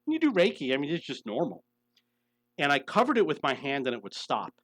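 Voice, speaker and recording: A man's voice: on the high side, huge pitch swings, fairly quick, fairly bright tone, dry recording. A middle-aged man telling his own story in an earnest, insistent monologue, repeating himself for emphasis. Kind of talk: personal monologue to camera.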